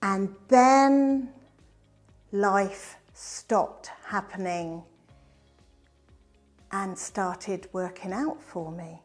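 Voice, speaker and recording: A middle-aged woman tells her own life story as a presentation. She is an animated storyteller who swings from bright emphasis to hushed asides. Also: medium pitch, extremely slow, long pauses, soft background music.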